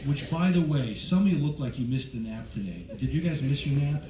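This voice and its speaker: A male comedian doing a stand-up set on a cruise ship stage, teasing the crowd loudly, with sudden jumps in pitch. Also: animated, fast, few pauses. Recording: echoey, distant, dull with crowd noise. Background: audience noise.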